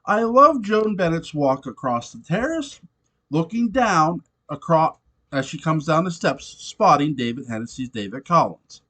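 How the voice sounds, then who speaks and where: A man casually reviewing a TV episode, animated and swearing often, laughing between points. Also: a little high, unhurried. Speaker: show reviewer.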